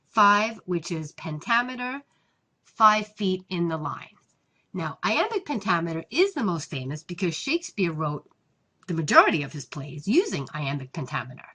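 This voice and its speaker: A woman's voice: medium pitch, a bit bright, breathy edge. A woman teaching a lesson on poetic meter, explaining patiently step by step. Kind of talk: classroom lecture on poetry.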